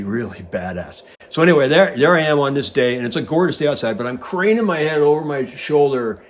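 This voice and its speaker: Animated older man telling a story. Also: medium pitch. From United States. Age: 60s. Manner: animated storyteller who acts out quoted dialogue. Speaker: guest host, retired Navy pilot. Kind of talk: casual anecdote telling.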